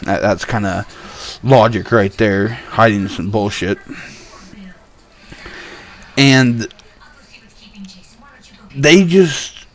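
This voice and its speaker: A man's voice: lowish voice, drawn-out words, long pauses. Man ranting hotly, swearing freely. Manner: profane, angry, animated. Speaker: vlogger. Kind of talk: heated storytelling rant.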